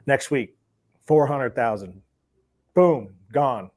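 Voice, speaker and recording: Speaking slowly in a mid-range voice, a man who used to be a sports bookie relaxes into a lengthy story. He performs the quoted dialogue he recalls, with chuckles in between lines.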